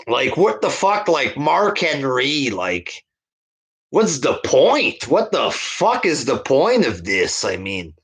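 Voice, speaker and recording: A stream host with a medium-pitched, husky, slightly bright voice reads viewer chat aloud and answers in a crude, scornful, profane rant. He is very animated yet takes his time, leaning on fillers like "like" and "there".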